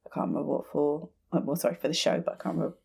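A woman's voice: sits low, lively intonation, very fast, creaky, darkish tone, breathy edge. A woman co-hosting a podcast, talking casually and rambling with lots of restarts. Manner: chatty and rambling, with many restarts and fillers. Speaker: podcast co-host. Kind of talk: casual fan podcast chat.

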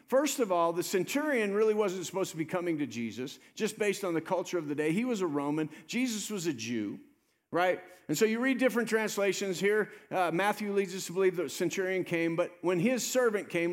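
A male pastor preaching an animated sermon, acting out the voices of the people in the story and urging the congregation to respond. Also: sits high.

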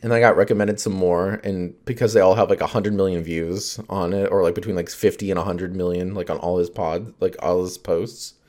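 A man's voice: low voice, steady tone, a little fast, few pauses, a little mellow. A man hosting his own podcast, rambling in casual chat, full of fillers and swearing and laughing often.

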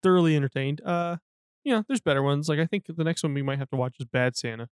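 A man's voice: on the high side, fast talker, smooth, dry recording, clean studio sound. A man co-hosting a podcast, chatting casually about a film with profane, rambling, laughing talk. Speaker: podcast co-host. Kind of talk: casual movie-review chat.

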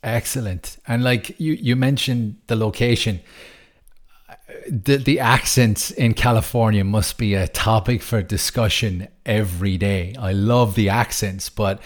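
A man's voice: lowish voice, steady tone, unhurried. An Irish man hosting a casual interview, enthusiastic, with many stumbling restarts. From Ireland. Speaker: podcast host. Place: lives in Switzerland.

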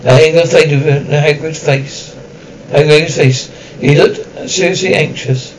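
A man's voice: fairly high pitch, fairly even intonation, unhurried, a little hiss or hum, rough recording. A man narrating an audiobook chapter, reading with occasional slips and restarts. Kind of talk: storybook narration.

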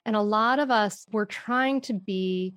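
A woman's voice: medium pitch, a little slow, a bit bright, dry recording, studio quality. A woman talking about parenting as a podcast guest. She tells stories with animation and laughs often. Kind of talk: podcast conversation.

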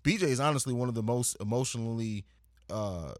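A man's voice: mid-range voice, expressive, fairly quick, dry recording, studio quality. A man speaking as a podcast guest in casual, reflective chat, earnest and thoughtful. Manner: earnest, reflective, with frequent restarts.

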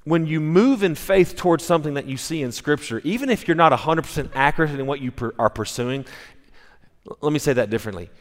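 A man's voice: fairly high pitch, animated, fast. A male pastor preaching a sermon, telling stories in a conversational way with frequent restarts. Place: church sanctuary. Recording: long reverb of a church hall.

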